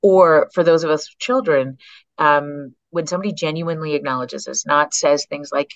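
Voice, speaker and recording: A woman from Canada speaks as a podcast guest in a very low voice. She tells stories with energy and slips into the voices of the people she quotes. The recording is dry and a little dull. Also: fairly quick, gravelly, no echo. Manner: animated storyteller who acts out quoted voices. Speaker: psychologist and author, podcast guest. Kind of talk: storytelling in a conversation.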